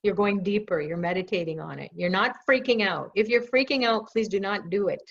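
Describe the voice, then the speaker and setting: A woman's voice: medium pitch, fairly quick, vocal fry. A woman hosting a live question-and-answer stream, chatty and reassuring, with jokes at her own expense. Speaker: live show host answering viewer questions. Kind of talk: casual live Q&A. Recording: dull lo-fi stream audio.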